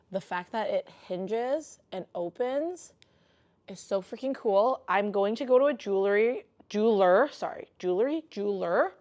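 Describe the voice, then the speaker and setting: A young woman talks through a jewelry unboxing for her vlog. She chats and rambles at a middling pitch and breaks into gushing, squealing bursts of excitement. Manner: chatty, rambling.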